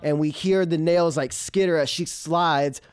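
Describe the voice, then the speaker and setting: A male comedian telling a true story on stage with plenty of energy. His voice sits somewhat high for a man, and he breaks into laughter as he goes and slips into squeaky meows to play the cat. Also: unhurried, clean tone. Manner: animated, laughing through the telling, mimics a cat's meows. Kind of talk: live storytelling.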